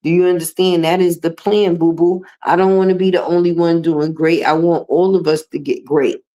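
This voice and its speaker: A woman's voice: fairly low pitch, level tone, moderate pace, warm tone. A middle-aged woman hosting a livestream, talking in a blunt, profane, sassy way as she comments and chats with viewers. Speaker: livestream host.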